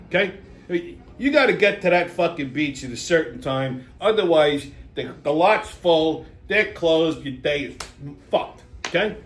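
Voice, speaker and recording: A man hosting a comedy show, ranting in a brash, profane, exasperated way. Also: fairly high pitch. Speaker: host. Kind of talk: comedic rant. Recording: echoey room with faint music.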